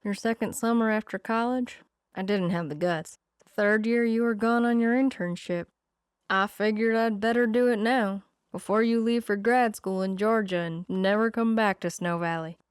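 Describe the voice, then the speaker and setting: A soft-spoken young man, tender and teasing, speaking in low, quiet tones in a storybook romance, read by a woman. His voice comes through clean and smooth, close and dry with no room around it. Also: normal speed, dry recording, natural voice.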